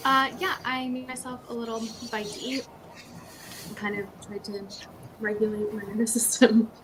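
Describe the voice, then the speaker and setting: A woman's voice: a little high, level tone, moderate pace, noisy background. A woman co-hosting a live writing stream, thinking aloud in a casual, musing and slightly rambling way. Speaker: writer co-host of a writing stream.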